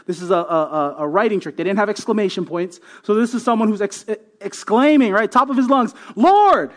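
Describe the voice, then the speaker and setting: A man with a high, brisk, somewhat bright voice preaches as a pastor. His delivery is emphatic, with repeated words as he builds points and frequent "right?" tags.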